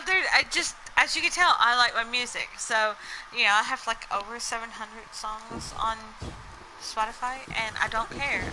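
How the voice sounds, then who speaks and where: A woman's voice: on the high side, background noise. A young woman vlogger chatting casually to camera, rambling with lots of fillers and breaking into bits of song. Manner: rambling, lots of "like" and "you know"; breaks into snatches of song while telling stories.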